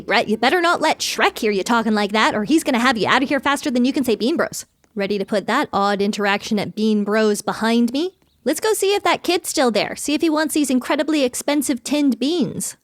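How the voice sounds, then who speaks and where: Bubbly young woman narrating gameplay. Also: a little high. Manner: bubbly, wry, reads game characters aloud. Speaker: gaming channel host. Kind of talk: playing and narrating a game.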